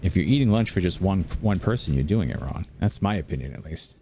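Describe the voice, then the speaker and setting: A man's voice: low voice, expressive, fairly quick, dark tone, a little hiss or hum. An American man chatting casually while playing a video game, rambling through stories and restarting his sentences. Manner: rambling, anecdotal, self-interrupting. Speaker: gameplay commentator.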